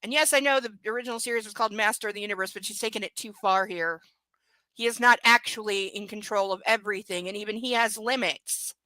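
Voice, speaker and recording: A woman's voice: medium pitch, quick pace, bright, forceful tone, no echo, low-quality recording. A woman doing a live book reading, breaking off into sarcastic, exasperated commentary with swearing. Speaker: reader and commentator.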